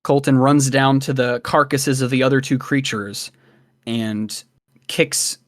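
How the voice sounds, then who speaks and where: Slow, steady male game master. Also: medium pitch, no room sound, clean studio sound. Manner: unhurried scene narration with fillers. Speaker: dungeon master. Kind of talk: narrating a tabletop game.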